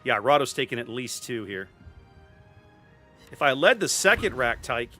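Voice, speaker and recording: A man's voice: mid-range voice, very animated, moderate pace, bright, forceful tone, soft background music. A middle-aged man with a Cajun Louisiana accent, chatting upbeat as he hosts a live gameplay stream and greets his chat. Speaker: streamer host.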